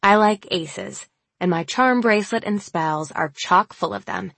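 A woman narrating a first-person novel aloud, in a measured, wry reading voice. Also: medium pitch, creaky, a bit bright, no echo. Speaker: audiobook narrator.

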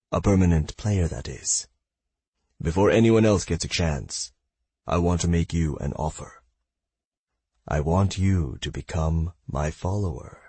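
A formal, slightly awkward deity pleads his case in measured words, as a man voices him in an audiobook. The voice is low and husky. It is recorded dry and close. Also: darkish tone, no room sound.

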